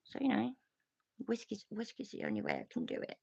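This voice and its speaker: A woman's voice: mid-range voice, huge pitch swings, brisk, creaky, a little mellow, slightly rough, muffled recording. A woman hosting a casual livestream chat, ranting and swearing freely. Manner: ranty, sweary, chatty. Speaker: host.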